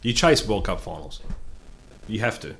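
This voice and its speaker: A man co-hosting a casual sports podcast, giving rapid, emphatic banter. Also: on the low side, sing-song, a bit bright, a little hiss or hum. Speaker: podcast co-host.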